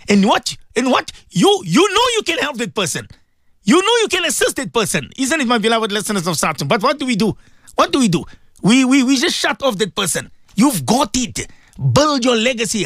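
A man's voice: high voice, a bit bright, no echo, studio quality. A man with a South African accent giving an impassioned radio sermon, pleading with listeners and repeating phrases for emphasis. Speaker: radio presenter and Islamic preacher.

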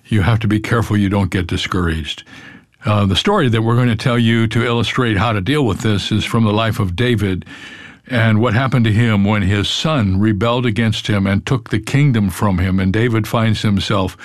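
A pastor giving an earnest, storytelling sermon. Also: male voice, lowish voice, normal speed, clean studio sound. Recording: roomy hall reverb.

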